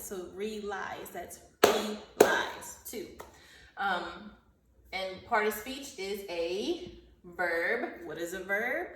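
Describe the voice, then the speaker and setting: A woman teacher giving a vocabulary lesson and reading a story aloud to children, speaking slowly and enunciating carefully, repeating words. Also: medium pitch, a bit bright. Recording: roomy, echoey sound from a distance off the mic.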